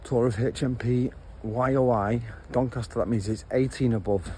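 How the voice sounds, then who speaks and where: This casual walking vlog features a man with a mid-range, slightly mellow voice, keeping a steady tone and moderate pace. He talks bluntly in slang while holding his phone and walking along a road amid traffic noise.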